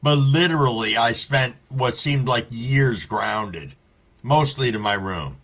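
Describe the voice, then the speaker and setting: A male live-stream host with a bright, forceful voice at an ordinary middle pitch. He chats in a relaxed way and swears freely while telling stories. He also greets his viewers by name. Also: slow pace. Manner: laid-back storytelling, heavy swearing. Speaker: livestream host reading chat. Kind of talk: casual live-stream chat.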